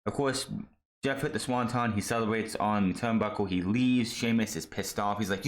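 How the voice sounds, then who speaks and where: Male wrestling reviewer, lowish voice, blunt and exasperated solo rant. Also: brisk. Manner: blunt, exasperated, rambling with restarts. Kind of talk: casual solo commentary.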